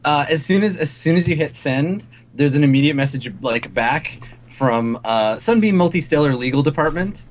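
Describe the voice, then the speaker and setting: A man's voice: on the high side, lively intonation, moderate pace, slight background noise. A man as game master, narrating a tabletop game loosely with many fillers, over a video call.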